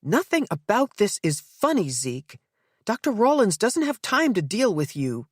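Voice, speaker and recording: A woman voicing a tense middle-aged mother in an audiobook, clipped and sharp. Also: lowish voice, animated, moderate pace, dry recording, clean studio sound, close to an everyday voice. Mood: furious.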